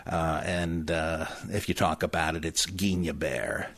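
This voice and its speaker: A man with a very low voice talks through his subject in a dry, wry way, full of fillers and spelled-out words. The sound is close and dry, with no room around it. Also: flat delivery, measured pace, a bit bright, no echo. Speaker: lecturer on biblical studies. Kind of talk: casual spoken commentary.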